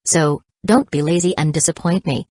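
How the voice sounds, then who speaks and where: Lady reading out a chill teasing ninja mentor dude, low voice, dry sound. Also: moderate pace, darkish tone, dry recording.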